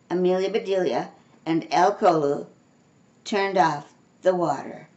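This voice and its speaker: An older woman reading a children's storybook aloud in a slow, expressive way, giving voices to the dialogue. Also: lowish voice, lo-fi sound. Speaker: storybook reader.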